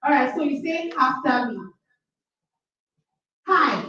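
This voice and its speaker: A woman facilitating a workshop, leading students through a spoken declaration with energetic call-and-response. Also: fairly high pitch, measured pace, very echoey, far from the mic, muffled recording.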